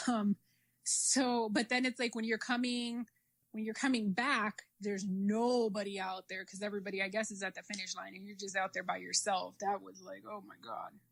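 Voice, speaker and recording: A woman's voice: medium pitch, level tone, normal speed, vocal fry. A woman guest talking casually in an interview, rambling with many "like" and "um" fillers. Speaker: triathlete guest.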